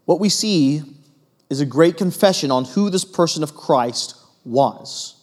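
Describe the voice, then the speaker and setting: A man preaching a sermon in an earnest way, moving between emphatic stretches and hushed ones, with frequent fillers. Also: on the high side, lively intonation, unhurried. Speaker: pastor.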